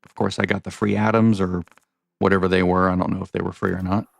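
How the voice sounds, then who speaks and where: A gaming vlogger with a low, flat, creaky voice talks fast in a dry recording. He gives casual, rambling, chatty commentary over his game, frequently stopping to correct himself.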